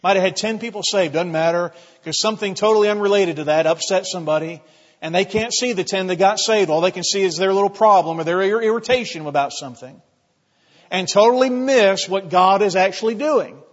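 Emphatic preacher in a reverberant church. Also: male voice, sits high, brisk. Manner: emphatic preaching with repeated phrases, building in intensity. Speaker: pastor. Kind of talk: sermon. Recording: long reverb, dull lo-fi sound.

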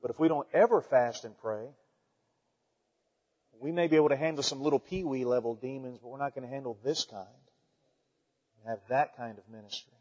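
A man preaching a sermon as pastor, folksy and animated, asking his listeners rhetorical questions. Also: mid-range voice, a little fast, long pauses, husky, in a large hall, highs cut off.

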